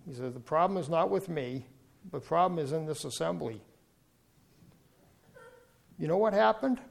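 A male preacher with a notably high voice delivers a sermon. He tells his story earnestly and builds to fervent, emphatic appeals. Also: animated, moderate pace, creaky.

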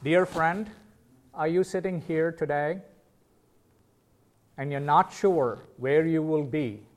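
A male preacher delivers a sermon at an unhurried pace. His voice sits a little high, and he talks earnestly, breaking into loud, emphatic calls.

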